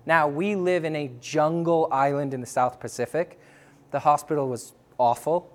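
Male speaker, a bit high-pitched; loose, animated storyteller with casual fillers and laughs. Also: normal speed. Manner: casual, lots of "like", laughs between phrases. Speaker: speaker sharing a testimony.

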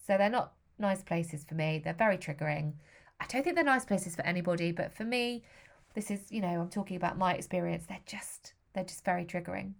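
A middle-aged woman from Britain recounts a personal experience in a candid, heartfelt way. She slips into quick impressions of the people she talks about, and her emotion shows through. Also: fairly low pitch, vocal fry. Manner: emotional, candid, acts out other voices. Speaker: storyteller. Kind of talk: personal storytelling.

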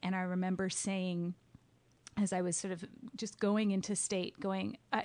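A woman hosts a podcast, asking curious questions and slipping into lively storytelling. Her voice sits at a middle pitch and moves easily between questions and laughter. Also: measured pace. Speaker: podcast host. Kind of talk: conversational interview.

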